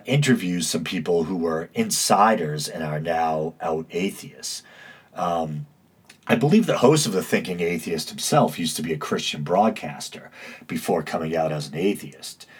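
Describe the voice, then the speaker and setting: A man's voice: low-pitched, breathy edge. A man with a droning, stuffy-nosed East Coast accent hosting a casual solo podcast, dry and self-mocking, with many uhs. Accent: East Coast American. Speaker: podcast host.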